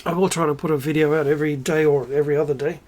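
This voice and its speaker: A man's voice: on the high side, racing, slight background noise. Sarcastic man ranting to camera. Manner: sarcastic, irreverent and swearing; animated, with bursts of emphasis and laughter. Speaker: channel host. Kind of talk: ranting solo vlog monologue.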